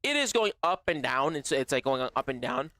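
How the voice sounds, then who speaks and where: A man chatting casually on a gaming livestream, slangy and profane, his voice slightly strained from yelling. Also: medium pitch, sing-song, moderate pace, dry recording. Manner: slangy and profane, calls chat bro and baby. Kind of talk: casual live-stream chat.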